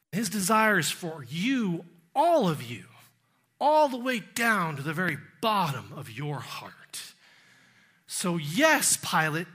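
A pastor preaching an expository sermon, emphatic, sinking to hushed tones for weight and putting questions straight to the listeners. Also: male voice, very high-pitched. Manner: asks the listeners direct questions.

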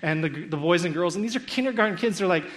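A man retelling a story in an animated talk, acting out the quotes with a sarcastic edge. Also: sits high, quick pace. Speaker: speaker critiquing a school curriculum.

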